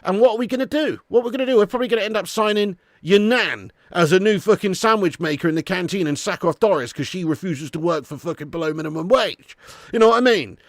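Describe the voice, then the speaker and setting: A man's voice: sits high, quick pace, no echo, clean studio sound. A young man hosting a live football fan stream, ranting fiery and laughing with lots of swearing. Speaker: football fan channel host.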